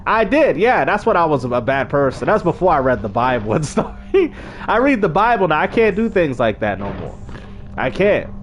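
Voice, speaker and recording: A high-pitched man with a very lively, swooping delivery tells a story casually to his stream, full of slang. He acts out the other people's lines with big leaps in his voice. Faint noise hums behind him. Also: moderate pace. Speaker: gaming streamer.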